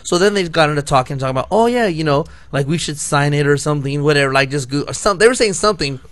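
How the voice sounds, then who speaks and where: A man's voice: a little high, animated, quick pace, a bit bright, no room sound. Rambling, laughing male storyteller. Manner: rambling storyteller, heavy on "like" and restarts, laughing often. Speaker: podcast co-host. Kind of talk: casual chat.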